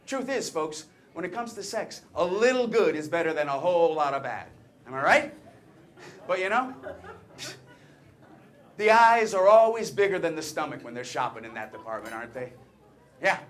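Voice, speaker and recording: A man's voice: high voice, fairly bright tone. A man performing a stage comedy monologue as a brash, chatty talking penis, teasing the audience with cocky patter.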